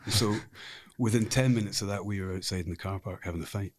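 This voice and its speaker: A middle-aged Scottish man with a lowish voice and a brisk pace appears as a guest on a podcast. In a casual interview, he tells frank, rambling anecdotes.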